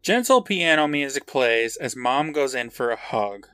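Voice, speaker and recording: A man recaps the story in a loose, chatty way, his pitch bouncing up and down as he narrates. He laughs often and swears without a second thought. The sound is close and dry, with no room around it. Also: lively intonation, unhurried, bright, forceful tone, clean tone, no room sound. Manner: laughs while narrating, swears casually, acts out quotes. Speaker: podcast co-host. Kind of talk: casual episode recap.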